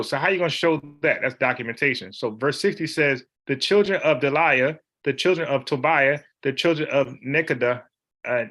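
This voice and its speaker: Man, Bible study teacher, emphatic, slangy, conversational, bright voice. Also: fairly high pitch.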